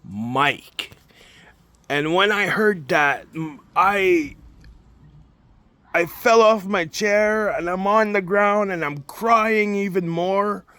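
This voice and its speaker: A man's voice: sits high, slow pace, bright, forceful tone, clear, resonant tone, no echo. A man telling a rambling, emotional story in casual talk, often repeating himself. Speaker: spirit communication vlogger. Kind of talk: casual monologue.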